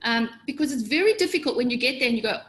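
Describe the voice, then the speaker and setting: A middle-aged woman giving a motivational webinar as a business coach, animated, often acting out voices in her head with sudden leaps in pitch. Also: rapid-fire.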